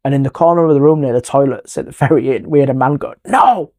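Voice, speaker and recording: A middle-aged man, a guest historian telling a ghost story in an animated, emphatic way. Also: medium pitch, very fast. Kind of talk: storytelling in a podcast interview.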